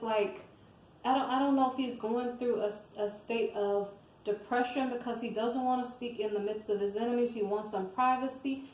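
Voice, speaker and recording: Woman, fairly high voice, casual scripture commentary, rambling, conversational, echoey room. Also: a little mellow, a little hiss or hum. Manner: conversational, rambling, checks in with listeners.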